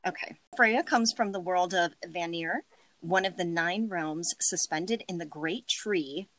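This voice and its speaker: A woman's voice: fairly low pitch, measured pace, a bit bright, no room sound, low-quality recording. A woman co-hosting a casual podcast, bubbly and giggly, tripping over hard names as she reads. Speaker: podcast co-host.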